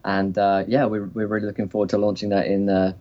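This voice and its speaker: A man's voice: lowish voice, completely flat delivery, quick pace. Hesitant guest man on a dull mic. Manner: hesitant, friendly, many fillers. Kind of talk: interview talk.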